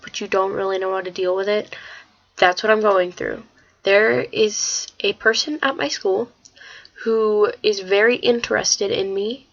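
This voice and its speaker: Teenage girl, casual vlogger, excitable and rambling; dull webcam mic. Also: medium pitch. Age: teens. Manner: excitable, rambling, swears when worked up. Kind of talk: casual vlog chat. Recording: slightly dull lo-fi webcam audio.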